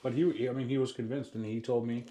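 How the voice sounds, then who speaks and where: A man's voice: mid-range voice, little pitch movement, fast talker, warm tone. A man co-hosting a casual chat, telling anecdotes in a laid-back, easygoing way. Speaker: co-host.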